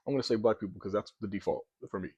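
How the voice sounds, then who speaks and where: A man giving casual reaction commentary, arguing his points with animated repeated words. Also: on the low side, very fast, husky, lo-fi sound.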